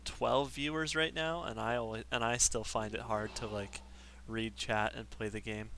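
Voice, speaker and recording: A man's voice: lowish voice, fairly even intonation, moderate pace, creaky, bright, forceful tone, a little hiss or hum. Chatty male game streamer. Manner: chatty, self-deprecating, joking with chat. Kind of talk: casual live-stream chat while gaming.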